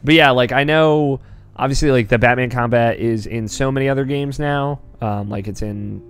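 A man's voice: mid-range voice, moderate pace, smooth. A young man hosting a casual podcast from his basement, rambling and chuckling as he talks about a video game. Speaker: podcast host. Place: home basement.

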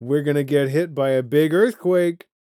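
A man's voice: on the high side, normal speed, mellow, no echo. Man with dry joking asides. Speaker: podcast co-host. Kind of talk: casual chat.

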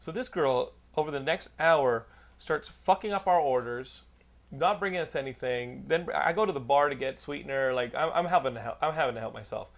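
A middle-aged podcast host with a medium-pitched voice and vocal fry speaks briskly. In casual chat, he tells a long, rambling anecdote full of profanity.

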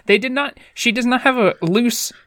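A woman's voice: on the high side, moderate pace, dry recording, studio quality. A woman co-hosting a podcast in casual comedic chat, telling stories with lots of laughter and frequent swearing, recorded in a basement. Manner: animated storyteller, laughs often, swears freely. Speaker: podcast co-host.

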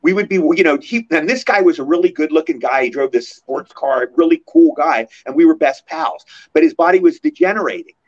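A man in his sixties, a guest actor in a casual interview, telling animated stories and acting out the people he quotes. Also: fairly high pitch, a little fast, few pauses. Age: 60s. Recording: muffled lo-fi audio.

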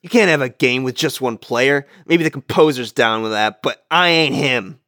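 A man's voice: mid-range voice, normal speed, pushed and bright, dry recording, studio quality, lightly acted. A man voicing a hotheaded teenage boy tough who talks in swaggering slang. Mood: defiant. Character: tough street-talking teen boy, hotheaded.

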